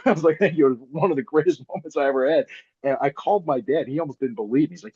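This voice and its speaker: A husky, slightly breathy man in his fifties chats casually as an interview guest, circling back over his words and laughing often. The sound is dry and a little muffled, like a lo-fi remote line. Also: on the high side, fast, a little mellow, dry recording. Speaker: guest, pro wrestler and podcaster.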